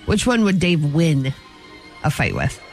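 A woman co-hosting a radio morning show, asking callers playful questions and teasing her co-host with quick comebacks. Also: low-pitched, sing-song, darkish tone, soft background music. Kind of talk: casual radio banter.

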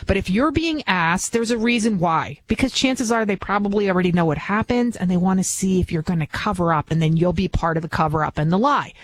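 A woman's voice: medium pitch, poor audio. Chatty Bronx-accented woman radio host. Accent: New York (Bronx). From the Bronx, New York. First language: not English. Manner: chatty, emphatic, restarts often. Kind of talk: talk radio monologue.

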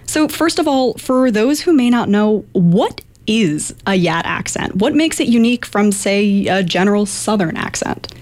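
A woman's voice: medium pitch, lively intonation, a little slow, hardly any pauses, darkish tone. A woman reporter asking concise, curious interview questions.

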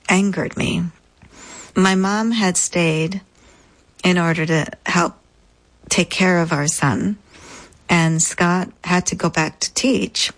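Low-voiced woman telling her story. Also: poor audio. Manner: measured, deliberate, pausing often. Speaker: interview guest. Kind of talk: reflective personal storytelling.

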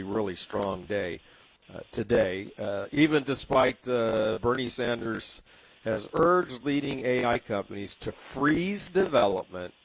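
A man's voice: on the low side, vocal fry, rough recording. A man from Southern California with a San Diego accent, hosting a talk radio show in a rambling way, full of fillers and restarts. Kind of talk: casual radio commentary.

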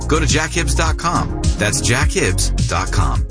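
A man reads a scripted announcement for a radio program in a smooth promotional manner. His pitch moves in a lively way, and loud music plays under his voice. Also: a little slow.

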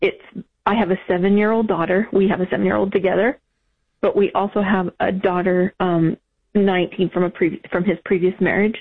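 A widowed woman calling in to a radio show, emotional and halting, restarting her sentences. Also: medium pitch, fairly even intonation, slightly rough. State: tearful. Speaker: caller. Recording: tinny phone line.

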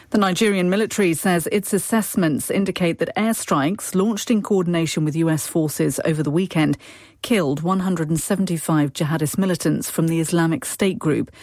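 A newsreader reads a scripted radio bulletin in a measured, formal tone. The voice sits in a middle pitch, and the booth sound is dry and close. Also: darkish tone, no room sound.

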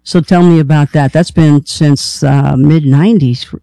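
A man hosts an interview and asks his guest loose, casual questions that wander before they land. His voice sits a little on the high side, and the sound is dry and close. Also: steady tone, measured pace, gravelly, mellow, dry recording. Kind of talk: conversational interview.

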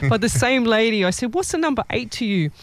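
A man working as a psychic medium who chats casually and tells animated stories, acting out the voices of the people he quotes. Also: extremely high pitch, fast talker, no room sound. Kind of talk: casual live-stream chat and storytelling.

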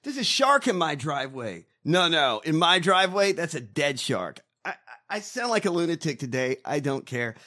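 Animated profane man ranting. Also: a little high, moderate pace. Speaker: co-host. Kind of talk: profane comedic banter.

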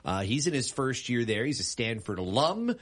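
Male radio host, casual and jokey, pitch jumps all over, plenty of uhs. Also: normal speed. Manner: lively, joking, with frequent filler sounds. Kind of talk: casual studio banter.

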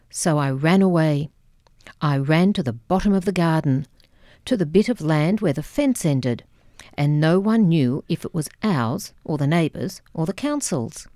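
Slow, low-voiced woman reading a memoir. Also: no room sound, studio quality. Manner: calm, measured narration. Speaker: audiobook reader. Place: radio studio. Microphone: studio mic.

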